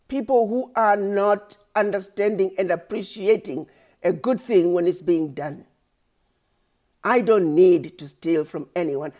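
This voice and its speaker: A woman's voice: mid-range voice, mellow. A woman giving an impassioned, preachy address straight to her audience, firing rhetorical questions and repeated refrains. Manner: preachy, accusatory, rhetorical, repetitive. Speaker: activist speaker. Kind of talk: impassioned direct-to-camera address.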